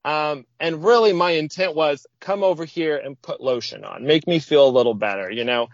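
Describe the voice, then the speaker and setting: A man on a podcast telling a personal story in a relaxed, casual way, acting out what people said with sudden jumps in pitch. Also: moderate pace, dry recording. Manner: lively, acts out quoted speech with sudden pitch jumps. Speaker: podcast guest. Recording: dull, dry lo-fi audio.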